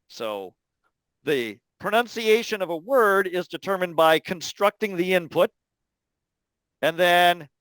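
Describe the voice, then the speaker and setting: A man delivers an academic talk, explaining ideas patiently and pausing often to find his words. His voice is smooth and a little higher than most men's, recorded close and dry with no room sound. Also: lively intonation, fairly bright tone, no echo, poor audio. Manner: measured, explanatory, many "uh" pauses. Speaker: linguistics lecturer. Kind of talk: academic talk answering questions.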